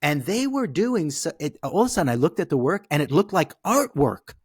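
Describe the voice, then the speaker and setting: A man who is a podcast guest, telling a personal story in a lively way. He often checks in with the listener by asking "okay?". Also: on the high side, fairly quick, slightly rough, no room sound, studio quality.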